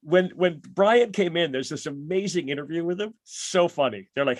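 Podcast host, man, fairly high voice, rambling enthusiastic chat, dry close mic. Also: lively intonation, a little fast, few pauses, no echo. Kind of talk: casual chat about music.

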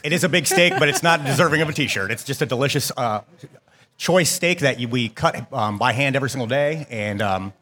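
A man's voice: medium pitch, fairly quick, bright, forceful tone. A middle-aged man from Ohio, a restaurant chef answering interview questions with frequent ums and restarts. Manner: hesitant, lots of ums and restarts.

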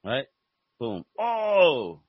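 A man from Brooklyn, hosting a casual chat, excitable and slangy and swearing freely. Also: mid-range voice, extremely slow, no echo, lo-fi sound. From Brooklyn, New York. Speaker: host.

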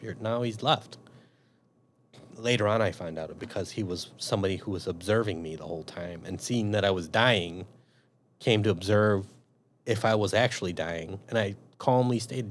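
A man with a slightly low voice tells a story in a loose, chatty way. He swears freely and acts out what he was thinking as he goes. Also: normal speed, long pauses, a little hiss or hum. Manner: profane, animated storyteller. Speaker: guest telling a story. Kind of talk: casual storytelling.

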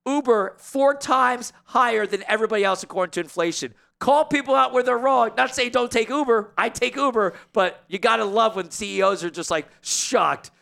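A man's voice: very high-pitched, normal speed, gravelly, few pauses, a bit bright. A man in casual sports talk, ranting animatedly as a guest columnist.

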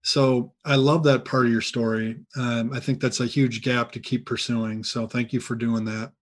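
A man's voice: medium pitch, level tone, normal speed. A man hosting a podcast interview, reflective and encouraging toward his guests. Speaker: podcast host. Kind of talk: casual interview.

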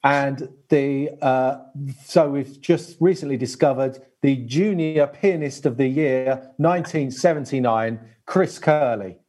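A man's voice: mid-range voice, a little slow, a little mellow. A man hosting a football podcast, hesitant and heavy on fillers. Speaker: podcast host. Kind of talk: casual chat, football talk.

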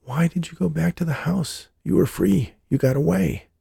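A man's voice: a little high, moderate pace, creaky, mellow, slightly rough, no echo, clean studio sound, pitched above the performer's own voice, exaggerated voice. A man playing a grieving desperate robber. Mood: earnest.

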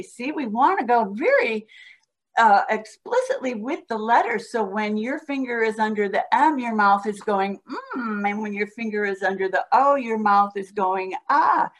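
A woman guest on a podcast, patiently explaining how to teach a child to read, sounding out words slowly as she demonstrates. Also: mid-range voice. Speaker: guest reading educator. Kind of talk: instructional podcast talk.

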